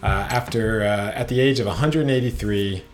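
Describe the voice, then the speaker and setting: A man's voice: fairly low pitch, moderate pace, faint music behind, lightly acted. A man voicing a young male elf in a mock-British accent, leisurely and self-satisfied. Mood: pleased.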